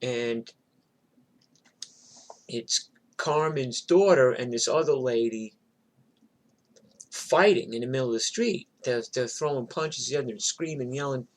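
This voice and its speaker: A man telling a story in a casual, animated, chatty way. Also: medium pitch, measured pace, pauses often.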